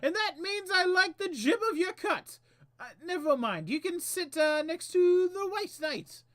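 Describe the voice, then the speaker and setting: A man voicing a fussy, excitable male Hatter in a shrill, sing-song, theatrical voice while reading game text aloud. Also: a little slow, heavily acted. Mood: whimsical.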